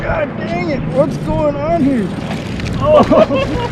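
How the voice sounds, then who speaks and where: Heavy background noise surrounds a man's high, slow voice. He's filming a fishing video from a kayak on a lake, full of excited outdoor chatter as he laughs and exclaims giddily over every fish he catches.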